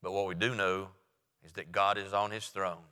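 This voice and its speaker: Male preacher, low-set voice, clear and ringing, storytelling sermon in a reverberant hall. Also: flat delivery, moderate pace, pushed and bright. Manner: retells a story with quoted dialogue, then preaches.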